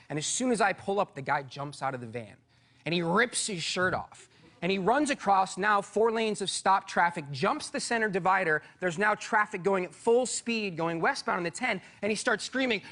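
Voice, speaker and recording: Man, from Iowa, talk show guest, animated storytelling, rambling restarts, high, sharp tone. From Iowa, USA. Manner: excitable, rambling with many restarts. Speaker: guest, actor. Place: television studio.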